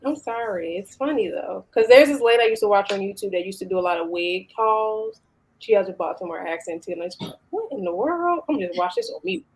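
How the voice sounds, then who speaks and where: A woman's voice: medium pitch, expressive, quick pace, slight background noise. Laid-back Chicago woman, opinionated. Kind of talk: casual panel chat.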